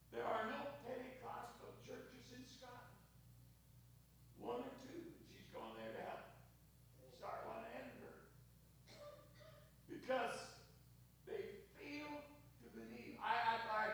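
An older man preaching a storytelling sermon, fervent, swinging between loud exclamations and hushed asides. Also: high-pitched, vocal fry, breathy edge.

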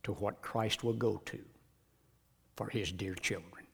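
A man preaching a sermon in a dramatic way, dropping to a hush and then rising to shouts. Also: lowish voice, steady tone, a little slow, vocal fry, breathy edge. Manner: dramatic, swings from hushed to shouting.

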